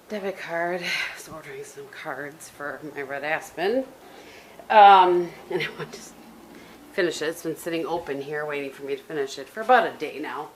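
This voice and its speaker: A low-pitched, middle-aged woman talks to a camera propped up at her desk. She rambles in a chatty way and breaks into laughs between her everyday stories. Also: slight background noise. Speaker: vlogger. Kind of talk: casual vlog chat to camera. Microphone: camera propped on a tissue box.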